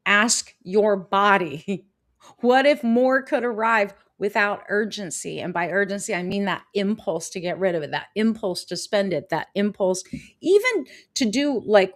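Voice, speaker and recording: A woman coaching her viewers on a live stream. Her voice sits at an ordinary middle pitch. She talks in an animated way, repeating phrases and answering viewers' comments as they come in.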